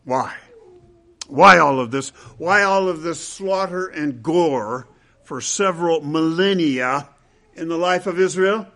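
A man preaching a sermon to his congregation, with dramatic emphasis, pauses and repeated lines. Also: fairly high pitch, a bit bright. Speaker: pastor.

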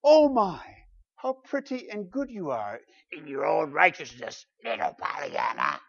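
A man doing a hoarse, wheedling wolf. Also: unhurried, no echo, full character voice. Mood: mocking. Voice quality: hoarse, growling, cheap falsetto. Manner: mocking, wheedling flattery. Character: sly hoarse wolf of sin, feigning sweetness. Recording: dull lo-fi recording.

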